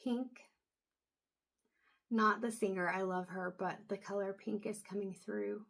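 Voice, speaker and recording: A woman doing an intuitive reading, talking to camera in a soft, halting way with many pauses and low energy. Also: steady tone, creaky. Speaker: intuitive reader. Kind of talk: casual talk to camera.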